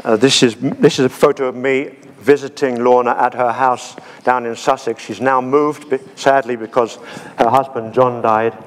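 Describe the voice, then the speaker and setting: A man's voice: mid-range voice, steady tone, moderate pace. A man giving a conference talk with slides, hesitant, with many ums and restarts. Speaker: conference speaker. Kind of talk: lecture with slides. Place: conference hall. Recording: long reverb of a conference hall.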